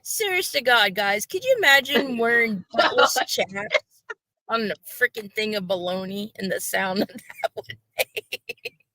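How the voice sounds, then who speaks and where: A woman's voice: medium pitch, lively intonation, measured pace, sharp tone, no room sound. A woman hosting her own channel, chatting casually with bawdy jokes and laughing at them. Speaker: channel host. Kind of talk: casual chat.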